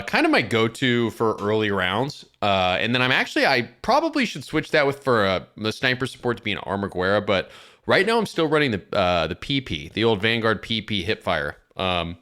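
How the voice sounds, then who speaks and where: A tired man co-hosting a gaming podcast, slightly low in pitch. He talks haltingly, trailing off and restarting, and sounds drowsy. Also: fairly bright tone. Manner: halting, hesitant, many fillers and restarts. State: tired, yawning. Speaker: podcast co-host. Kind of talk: casual gaming podcast chat.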